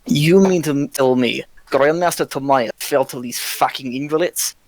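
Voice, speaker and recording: A player voicing a gruff male hunter in an exaggerated movie Russian accent, blunt and loud. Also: mid-range voice, moderate pace, no room sound, natural voice. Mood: incredulous.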